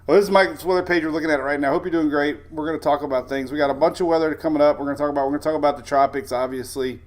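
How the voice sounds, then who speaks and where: A man's voice: on the high side, fairly even intonation, rapid-fire. A middle-aged man hosting a casual weather livestream, chatting and greeting viewers by name, laughing often. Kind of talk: casual live-stream chat.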